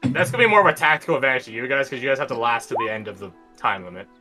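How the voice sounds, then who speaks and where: A man's voice: mid-range voice, very animated, racing, bright, forceful tone, soft background music. A young man running a tabletop game as game master, teasing and laughing often.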